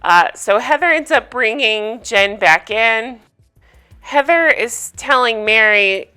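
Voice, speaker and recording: A woman's voice: mid-range voice, animated, measured pace, sharp tone, clean tone. A woman hosting a casual recap vlog, chatty and opinionated, sharing gossipy takes. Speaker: reality TV recap host.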